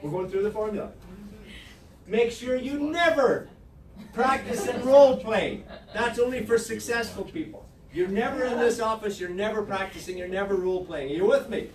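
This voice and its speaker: Playful Irish team leader, high voice. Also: male voice, normal speed. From Ireland. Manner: playful, sarcastic, teasing the room. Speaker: real estate team leader. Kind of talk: motivational team meeting talk. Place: office meeting room. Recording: echoey room from far off, noisy.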